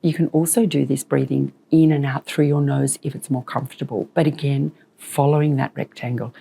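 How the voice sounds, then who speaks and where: A woman health professional calmly guiding a patient through breathing exercises with encouraging instructions. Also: rumbling low, brisk, creaky, husky. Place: clinic room.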